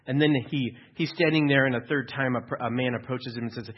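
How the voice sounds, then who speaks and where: Husky-voiced man preaching with dry humor. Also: medium pitch, brisk, lo-fi sound. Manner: conversational preaching with dry humor and acted-out quotes. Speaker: pastor. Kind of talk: sermon.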